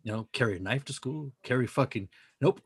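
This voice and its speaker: Podcast guy, husky voice, dry close sound, swears a ton, keeps hammering his point. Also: medium pitch, brisk, no room sound. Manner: profane, emphatic, rambling. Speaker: podcast co-host. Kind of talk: casual podcast chat.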